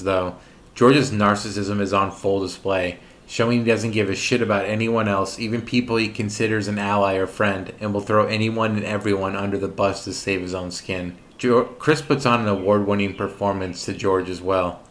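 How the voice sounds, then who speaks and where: Man, commentary host, scripted narration, sarcastic, deeper voice. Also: steady tone, normal speed. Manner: sarcastic, mocking.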